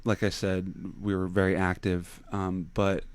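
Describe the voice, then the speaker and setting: A young man guest in a casual interview, talking haltingly, repeating words and laughing easily. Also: low voice, level tone, a little hiss or hum. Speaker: podcast guest.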